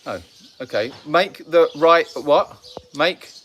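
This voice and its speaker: A man's voice: a little high, expressive, takes it slowly, fairly bright tone, a little hiss or hum. A man hosting a live Q&A stream, chatty and joking, laughing often. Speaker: animal sanctuary host.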